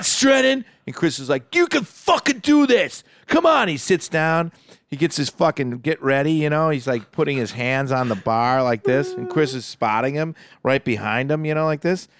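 A man in his thirties chatting on a comedy podcast, telling stories animatedly and acting out quotes loudly. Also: medium pitch, no echo, clean studio sound. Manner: animated storyteller, acts out quotes in loud voices. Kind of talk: casual comedic chat.

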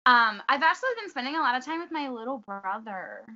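A woman guest chatting on a podcast, her voice bright and fairly high. She talks loosely, full of fillers and easy laughter. The audio is dull and lo-fi. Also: expressive, quick pace. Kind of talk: casual chat.

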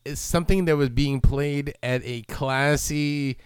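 A man's voice: a little high, fairly even intonation, a little slow, clear, resonant tone, no echo, studio quality. A man co-hosting a podcast, chatting in a jokey, playful way and laughing often. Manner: jokey, laughs often, makes sound effects. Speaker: podcast co-host. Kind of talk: casual joking chat.

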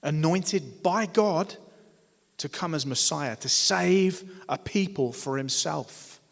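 Emphatic preacher in a reverberant hall. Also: male voice, on the high side, slow pace, vocal fry. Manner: emphatic, rising to loud declarations, asks the congregation rhetorical questions. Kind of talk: sermon.

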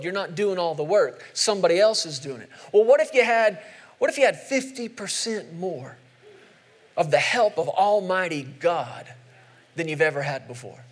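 A male pastor preaching a sermon, emphatic, posing questions to the congregation and slowing down to stress scripture. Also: high voice. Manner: emphatic, asks the audience questions, slows down for scripture.

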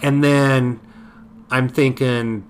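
A man telling a personal memory in a casual podcast chat, halting with many fillers and restarts. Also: medium pitch, flat delivery. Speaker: podcast co-host. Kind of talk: casual conversational storytelling.

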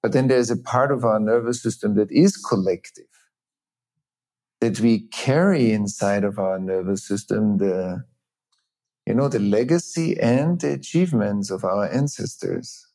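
Low, mellow-voiced man explaining earnestly. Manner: earnest, explanatory, with frequent pauses and restarts. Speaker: teacher and trauma-healing facilitator, guest. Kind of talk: reflective interview talk.

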